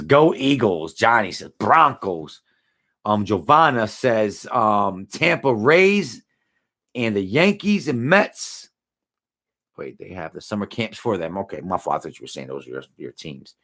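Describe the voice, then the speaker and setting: A man's voice: on the low side, fairly bright tone. A man, hosting a casual live stream and reading out viewer comments in laid-back, slangy banter. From Buffalo, New York. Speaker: livestream host reading chat.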